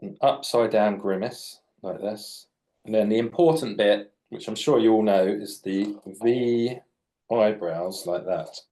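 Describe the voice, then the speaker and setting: Warm in tone, a little slow and on the low side, this man in his late 40s is a children's author giving a live drawing demonstration for young readers, full of chat, jokes and explanation.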